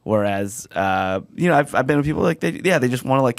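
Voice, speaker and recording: A man co-hosting a casual podcast chat, animated and jumping up in pitch when excited. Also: fast, vocal fry, no echo. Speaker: podcast co-host.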